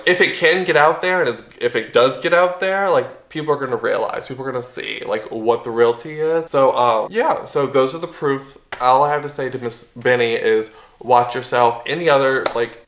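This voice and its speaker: A worked-up man rants profanely straight to camera in a commentary vlog. His voice sits in an ordinary middle pitch, carried by a noticeably roomy echo. He sounds heated and keeps the swearing going. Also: fairly bright tone. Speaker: YouTuber.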